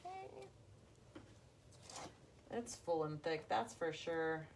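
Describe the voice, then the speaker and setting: A woman's voice: low voice, huge pitch swings, slow, creaky, a little hiss or hum. Chatty woman hosting a craft live. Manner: chatty, talks to viewers as y'all. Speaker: craft livestream host. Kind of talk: casual live craft demo chat.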